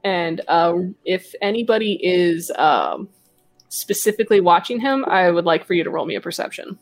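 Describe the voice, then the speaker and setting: A female game master with a fairly low voice narrates a tabletop session. She's relaxed but halting, leaning on lots of filler words.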